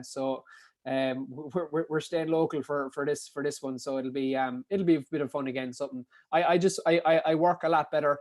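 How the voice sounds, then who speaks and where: Fast-talking Kerry Irishman telling stories. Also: mid-range voice, darkish tone, dry recording. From Dingle, County Kerry, Ireland. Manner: rapid, rambling, frequent restarts and fillers. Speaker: podcast guest, ultra runner. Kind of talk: casual anecdotal storytelling.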